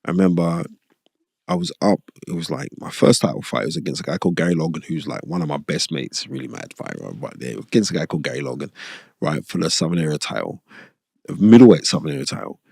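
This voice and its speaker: A middle-aged man, a podcast host, telling stories from his boxing past in an animated, emphatic way, repeating phrases and often asking "you know what I mean". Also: extremely low pitch, quick pace, vocal fry, slightly rough, no echo. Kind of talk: conversational storytelling.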